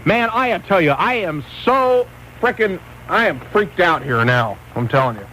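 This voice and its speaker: A man's voice: high-pitched, expressive, a little slow, bright, forceful tone, slight background noise, poor audio. A man hosting a talk radio show, ranting and rambling in casual banter. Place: radio studio.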